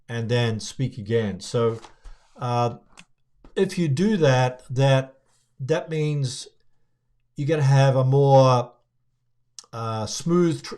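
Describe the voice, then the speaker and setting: A man's voice: medium pitch, a little mellow. Casual-talking man giving camera tips. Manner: conversational, frequent fillers and restarts. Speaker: video coach.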